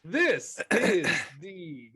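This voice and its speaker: A man co-hosting a podcast after a few drinks, teasing his friends with quick wisecracks. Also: high-pitched, big pitch swings, sharp tone, husky. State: tipsy. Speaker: podcast co-host. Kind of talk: casual podcast chat.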